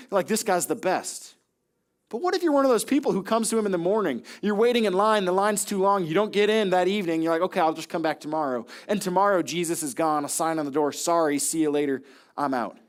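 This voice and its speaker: A young man with a high voice preaches a sermon, acting out lines for Jesus and the crowd. He jumps between voices and tells stories with lively energy. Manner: animated storytelling, acting out voices of Jesus and listeners. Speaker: pastor.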